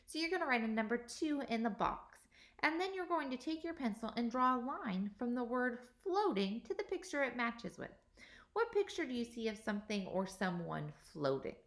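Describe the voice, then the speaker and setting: Lively higher-voiced teacher lady doing a workbook lesson for little kids, slow and patient. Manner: slow, patient, sounding out each vowel. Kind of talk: recorded workbook lesson for young children.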